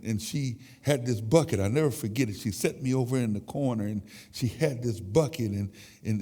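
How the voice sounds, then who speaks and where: Halting man testifying in a church. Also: medium pitch, dark tone. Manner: emotional, halting with repeated words. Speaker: church speaker. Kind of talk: sermon testimony. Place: church sanctuary. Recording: echoey church hall.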